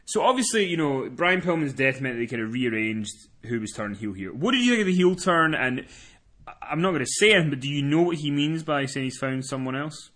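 A man's voice: mid-range voice, expressive, brisk, a bit bright. Chatty man hosting a podcast recap. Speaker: podcast host. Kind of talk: casual chat.

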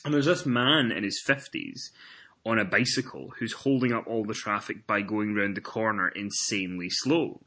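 A man's voice: lowish voice, normal speed, sharp tone. A man with a Scottish accent hosting a casual wrestling podcast, telling stories in a chatty way and acting out what people said. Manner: chatty storyteller, swears freely, acts out quotes. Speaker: podcast host.

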